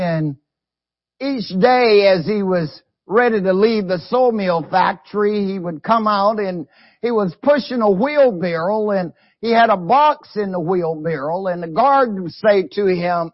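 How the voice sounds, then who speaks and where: High-voiced preacher man, dry muffled sound. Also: lively intonation, unhurried, no echo. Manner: fervent preaching, often saying amen, rising to shouts. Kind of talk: sermon.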